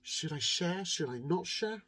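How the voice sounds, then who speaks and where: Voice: medium pitch, expressive, a little slow, pushed and bright. Storybook king, pondering, kindly underneath, done by a storyteller. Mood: unsure. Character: greedy but kind-hearted storybook king.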